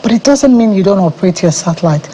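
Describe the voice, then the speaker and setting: A woman's voice: mid-range voice, expressive, quick pace, warm tone, a little hiss or hum, rough recording. Confident Nigerian woman explaining in studio. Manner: confident, explanatory, laughs easily. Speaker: agency chief executive, studio guest. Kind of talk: TV news interview.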